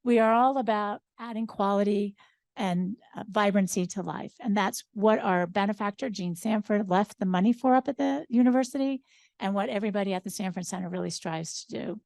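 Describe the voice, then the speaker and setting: A woman's voice: mid-range voice, brisk, creaky, a little mellow, no room sound. An older woman, a social psychologist and grandmother, speaking upbeat on a seminar panel with frequent ums.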